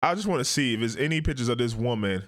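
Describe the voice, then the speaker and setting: A man hosting casual commentary on a court video, animated and drawling, often jumping into high mocking impressions. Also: quick pace. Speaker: host.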